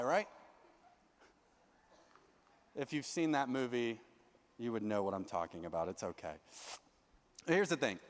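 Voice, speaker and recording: A young man giving a youth sermon as a story, animated and self-mocking as he acts out his own lines. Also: a little high, moderate pace, pauses often. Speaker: youth pastor. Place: large church youth hall. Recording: long reverb of a large hall.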